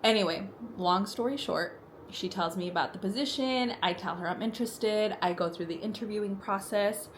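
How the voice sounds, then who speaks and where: A woman's voice: mid-range voice, normal speed, slight background noise. A young adult woman vlogger telling a personal story in casual chat while doing her makeup, talking in a chatty way with frequent "like" fillers, at home in her apartment.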